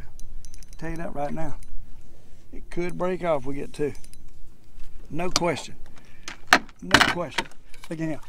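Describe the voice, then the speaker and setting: Older man, gravelly fishing host on a boat, folksy excited commentary. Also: on the high side, normal speed, long pauses, slight background noise. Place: on a boat on a lake, outdoors.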